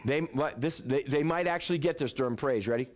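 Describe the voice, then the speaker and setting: A man preaching a sermon in a church, moving between lively, joking talk to the congregation and soft, hushed prayer. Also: medium pitch, fairly quick. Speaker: pastor.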